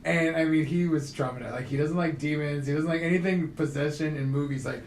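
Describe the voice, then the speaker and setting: A young man with a fairly high voice chats loosely as a podcast co-host and tells a relaxed story. The room is echoey, with faint noise underneath. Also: a little fast. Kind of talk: casual chat.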